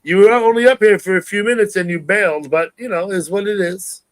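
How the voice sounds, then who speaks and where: A man's voice: sits high, a little fast, no room sound. A man hosting a live stream, chatting casually in an easygoing way and greeting viewers by name.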